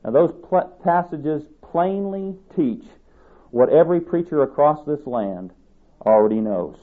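A man's voice: on the high side, expressive, a little slow. A man preaching a sermon, reading scripture aloud and driving his points home with emphatic repetition. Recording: tinny phone-like sermon tape.

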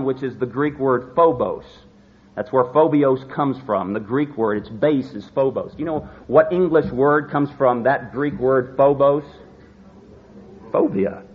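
A man preaching a sermon, stressing key words and slowing down to drive his points home. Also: medium pitch. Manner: emphatic, slows down to stress words. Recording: slightly dull lo-fi recording with faint noise.

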